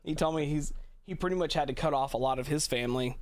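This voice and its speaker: A man's voice: a little high, quick pace, dry recording. A man telling long rambling stories in casual chat as a streamer, swearing freely and laughing often.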